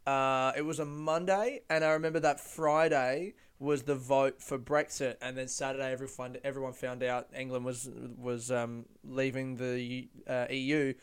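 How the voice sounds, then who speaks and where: A man hosting his own podcast in a loose, rambling chat, teary and laughing through tears as he swears and gets excited. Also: mid-range voice, moderate pace, few pauses, smooth. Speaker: podcast host. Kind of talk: casual solo podcast chat.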